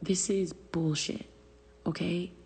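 A woman's voice: on the low side, steady tone, takes it slowly, warm tone, breathy edge, long reverb tail. A young woman venting on a phone livestream, profane and exasperated, answering viewer comments aloud. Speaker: livestream host. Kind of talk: casual livestream rant.

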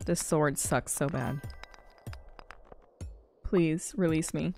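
A young woman streaming a farming game, chatting casually with her viewers, bubbly and quick to laugh. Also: deep voice, creaky, darkish tone, faint music behind. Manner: bubbly and giggly, quoting movie lines. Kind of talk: casual gaming stream chat.

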